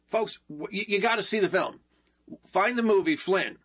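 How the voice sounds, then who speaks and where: A man hosting an opinionated political commentary monologue, with a high, husky voice. His tone is bright and tense, and he hammers points home by repeating them. He keeps addressing his listeners directly as folks. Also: moderate pace. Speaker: political talk show host.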